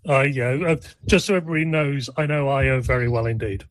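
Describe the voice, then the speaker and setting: A man's voice: medium pitch, a little fast, dry recording, low-quality recording. A man chatting as a guest on a radio talk show, in a wry, chatty way. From United Kingdom.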